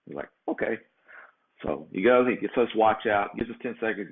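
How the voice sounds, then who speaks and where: This fairly low-pitched, animated man hosts a show and spins a long, rambling story at a normal pace, constantly adding "right?" to his sentences. He checks his own sound setup, and the audio is narrow, almost like a phone.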